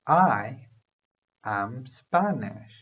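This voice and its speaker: A man teaching a beginner English lesson, reading drill phrases slowly and deliberately for learners to repeat. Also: mid-range voice, big pitch swings, fairly bright tone, slightly rough, dull audio.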